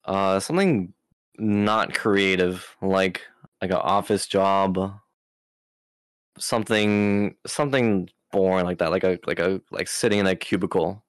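Laid-back young man, low smooth voice. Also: a little slow, no room sound. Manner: rambling, filler-heavy, laid-back slang. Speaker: interview guest. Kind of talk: casual chat answers.

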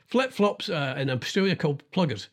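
A man's voice: a little high, sing-song, moderate pace. A man hosting a casual chat about news stories, rambling and thinking aloud as he goes.

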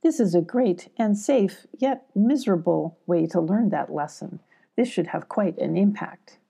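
A woman's voice: fairly low pitch, expressive, a little slow, vocal fry, mellow, slightly rough, heavily acted. An older woman reading the part of an animal mother of two cubs, firm and caring, in a storybook.

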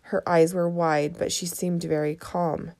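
A woman's voice: on the low side, little pitch movement, measured pace, darkish tone. A woman reading a children's chapter book aloud, chatting to young listeners between chapters. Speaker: storybook reader.

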